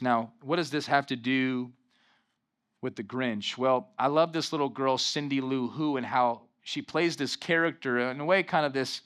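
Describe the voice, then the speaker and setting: Bright-toned animated preacher man. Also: a little high. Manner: animated preaching with call-and-response "amen". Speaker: pastor. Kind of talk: sermon.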